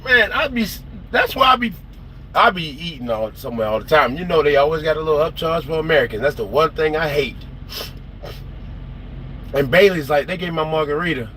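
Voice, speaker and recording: Animated man ranting, bright high voice. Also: fairly quick, a little hiss or hum. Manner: animated, profane, acts out quoted people. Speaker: trucker vlogger. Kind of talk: casual storytelling rant. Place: porch, outdoors.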